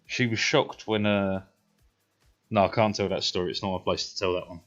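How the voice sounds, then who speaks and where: A British streamer in his thirties tells profane personal stories casually while gaming, rambling along and constantly checking in with "right?" His low voice is steady and a bit bright at a moderate pace, and the stream audio is dull with faint music behind it.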